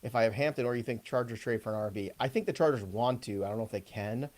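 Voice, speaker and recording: A male host of a live fantasy football show, running through viewer questions in a loose, joking way. His voice sits at an ordinary middle pitch. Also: fast talker, darkish tone. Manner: joking and loose, often laughing. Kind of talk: live casual sports advice chat.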